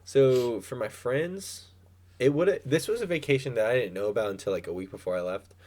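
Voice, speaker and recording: A man's voice: mid-range voice, lively intonation, brisk, darkish tone. A young man co-hosting a casual podcast, easygoing and agreeable, laughing now and then. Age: young adult. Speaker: podcast co-host. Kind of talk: casual chat.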